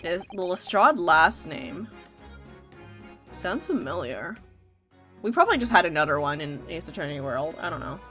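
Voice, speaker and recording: A woman's voice: lowish voice, sing-song, normal speed, long pauses, a bit bright, soft background music. A woman streamer giving casual, self-deprecating commentary while playing a game, swearing freely.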